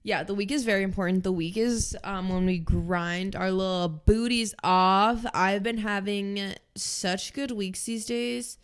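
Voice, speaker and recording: A woman's voice: mid-range voice, fairly even intonation, a little slow, few pauses, smooth. A young woman co-hosting a podcast, chatting casually and filling her talk with "like". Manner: chatty, many "like" fillers. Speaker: podcast co-host. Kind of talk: casual chat.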